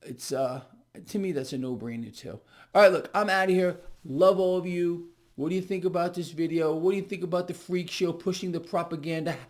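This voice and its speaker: A man with a slightly high, somewhat mellow voice delivers direct-to-camera market commentary at a brisk pace. He speaks emphatically, repeats himself, and frequently calls his viewers "people."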